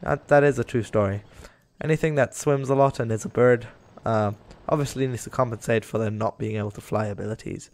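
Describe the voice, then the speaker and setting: Gravelly young man rambling over gameplay. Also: mid-range voice, a little fast, few pauses, a little mellow. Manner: rambling, talks to the game animals, easily exasperated. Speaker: gaming YouTuber. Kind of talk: casual gameplay commentary.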